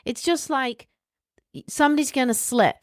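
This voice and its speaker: A woman's voice: high-pitched, moderate pace, no room sound, studio quality. A middle-aged woman co-hosting a podcast, chatting frankly and giving sensible advice. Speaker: podcast co-host. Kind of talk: casual chat.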